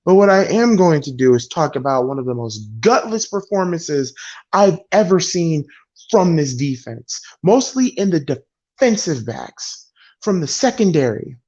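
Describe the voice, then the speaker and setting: Slow-talking, exasperated sports ranter. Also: male voice, high voice, a little mellow. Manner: exasperated, blunt, heavy sighing. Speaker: sports vlogger and football fan. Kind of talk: ranting sports commentary. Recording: dull lo-fi sound.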